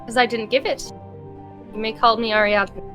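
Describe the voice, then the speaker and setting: A woman's voice: on the high side, fairly even intonation, normal speed, a bit bright, highs cut off, soft background music. A woman playing a tabletop role-playing game with a dry, wry delivery. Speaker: player.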